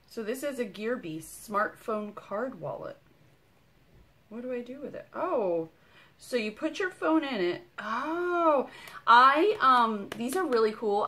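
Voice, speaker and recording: A woman's voice: mid-range voice, a bit bright. A woman in her thirties chatting casually as she unboxes products for her vlog, bubbly and full of fillers. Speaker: vlogger.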